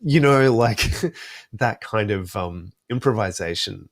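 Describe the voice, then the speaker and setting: A man's voice: on the low side, lively intonation, slow pace, creaky, dry recording, studio quality. A young adult man with an Australian accent, chatting thoughtfully about film music as a podcast guest, with many fillers. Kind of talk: casual podcast discussion.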